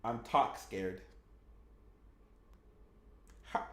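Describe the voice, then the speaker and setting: Guy streaming a game n chatting w his viewers, roomy echo, mid pitch. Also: animated, moderate pace, a bit bright. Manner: chatty, reacts to chat with laughs. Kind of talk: casual game stream chat.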